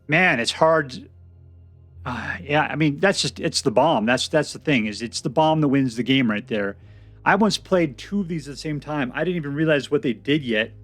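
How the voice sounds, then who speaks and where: Guy chatting thru his card game, thinks out loud, kinda high voice, dry close mic, faint music. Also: no echo. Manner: chatty, excitable, thinks aloud with restarts. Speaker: game streamer. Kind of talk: casual gameplay commentary and deck review.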